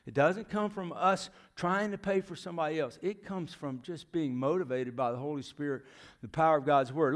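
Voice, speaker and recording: Folksy missionary man preaching. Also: on the high side. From United States. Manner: folksy storytelling, asks the crowd questions. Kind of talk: sermon. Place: church sanctuary.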